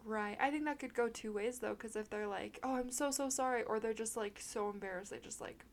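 A young woman with a slightly high voice co-hosts a podcast. She chats in a loose, playful way and giggles often. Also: brisk, slight background noise. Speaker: podcast co-host. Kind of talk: casual chat.

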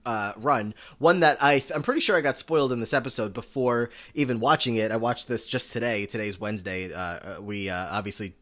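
A man's voice: mid-range voice, brisk, few pauses, a bit bright. Rambling male podcast co-host. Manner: rambling with many fillers and restarts; struggles over name pronunciations. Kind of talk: casual podcast recap chat.

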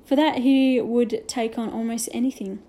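A woman reading a children's novel aloud with gentle storytelling and hushed asides. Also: a little high, fairly even intonation, normal speed. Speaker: reader.

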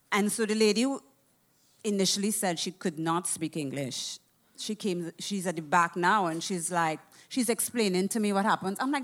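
Woman, casual storyteller, animated, swears freely, middle pitch. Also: moderate pace. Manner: animated, profane, acts out quoted voices. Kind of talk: casual anecdote telling.

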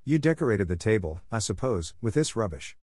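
A man voicing a stern, furious schoolmistress who scolds in sharp, cutting words. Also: on the low side, very animated, fairly quick, no room sound, clean studio sound. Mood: scolding.

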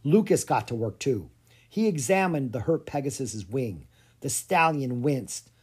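Expressive, breathy storybook narrator. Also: mid-range voice, unhurried. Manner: expressive, animated reading. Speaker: audiobook narrator.

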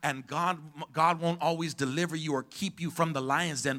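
A man preaching a sermon as pastor, calling out to the congregation to respond and rising to shouts at the peaks. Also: a little high, brisk, hardly any pauses. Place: church sanctuary.

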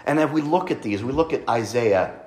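A man's voice: medium pitch, lively intonation, brisk, a little mellow. Earnest man preaching a conversational sermon. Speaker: pastor.

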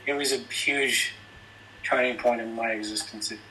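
Bright-voiced Irish man telling stories. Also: mid-range voice, moderate pace, far from the mic, slight background noise, rough recording. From Ireland. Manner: rambling, profane, animated anecdotes. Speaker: podcast guest. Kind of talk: casual storytelling chat.

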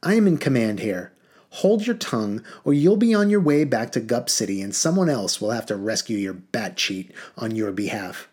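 A man's voice: medium pitch, expressive, moderate pace, darkish tone, slightly rough. A man voicing a pompous, old-fashioned male general who blusters and harrumphs in an audiobook reading. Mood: blustering.

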